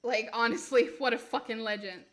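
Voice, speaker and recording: A woman's voice: fairly high pitch, fairly quick. A woman live-streaming tarot readings, chatting casually in a giggly, self-mocking way while she keeps trying silly accents.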